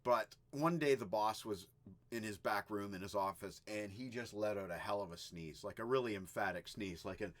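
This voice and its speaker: A man hosting a rock music vlog, telling anecdotes in a chatty, animated way. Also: fairly low pitch, fairly quick. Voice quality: animated, chatty storyteller who does little sound effects. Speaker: host of a rock music video channel. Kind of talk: casual storytelling vlog.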